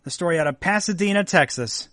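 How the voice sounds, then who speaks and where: A man's voice: high voice, lively intonation, fast, a bit bright, dry recording. A man co-hosting a podcast who reads out odd news stories in casual chat and adds wry, dry asides. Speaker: podcast co-host.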